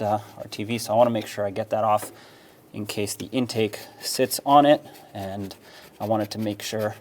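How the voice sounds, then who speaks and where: A man with a fairly low voice narrates a hands-on auto repair how-to, walking through it practically step by step with casual fillers. A little hiss or hum sits in the recording.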